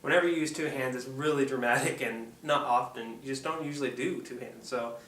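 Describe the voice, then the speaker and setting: A man's voice: medium pitch, brisk, fairly bright tone. A man from Oregon giving a casual, rambling how-to tutorial as a puppeteer, full of ums and restarts. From Oregon, USA. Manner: rambling, hesitant, lots of ums. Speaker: puppeteer, channel host. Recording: echoey room, distant mic, faint background hum.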